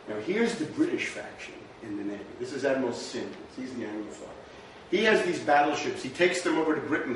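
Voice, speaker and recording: A man giving a history lecture in a rhetorical, conversational way, often checking in with "right?". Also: mid-range voice. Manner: rhetorical, frequent "right?" asides. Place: lecture room. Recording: very echoey room, distant mic, faint noise.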